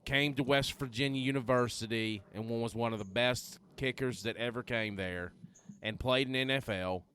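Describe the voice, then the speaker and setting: A man's voice: medium pitch, normal speed, pushed and bright, slight background noise. A man, a podcast co-host chatting casually and rambling with fillers. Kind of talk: casual chat.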